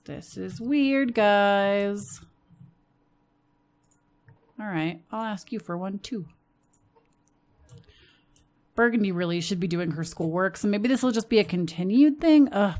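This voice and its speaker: On her gaming channel, another American woman with a medium-pitched, everyday voice keeps her let's-play commentary relaxed. She addresses the characters in the game directly, now and then erupting with excitement.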